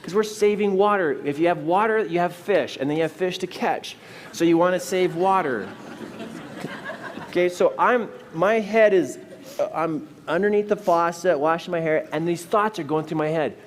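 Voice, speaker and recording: A man telling a personal story with lively energy, acting out the voices of the people in it. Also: normal speed, a little hiss or hum. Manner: acts out voices in his anecdotes, jumping pitch and volume. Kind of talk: animated storytelling.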